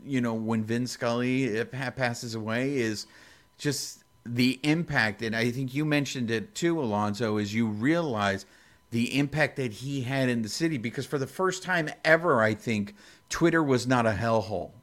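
A man's voice: mid-range voice, normal speed, fairly bright tone. Man, podcast co-host, rambling heartfelt story, casual chat. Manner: rambling, emotional storytelling with restarts.

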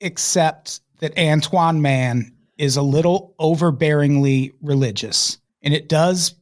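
A man hosting a podcast in casual chat, retelling scenes in an animated way and swearing freely. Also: a little high, unhurried. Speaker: podcast host.

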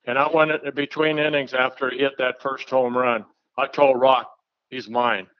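A man, a former pitcher, telling blunt, folksy anecdotes in a casual chat, with an occasional chuckle. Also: level tone, moderate pace, dry recording. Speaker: retired pitcher, guest storyteller. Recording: dull, lo-fi dry sound.

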